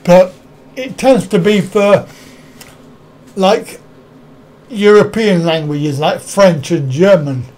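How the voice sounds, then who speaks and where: A man's voice: sits high, takes it slowly, pauses often, a little mellow. A man hosting a casual live stream, rambling, chuckling often and answering viewers' comments one by one.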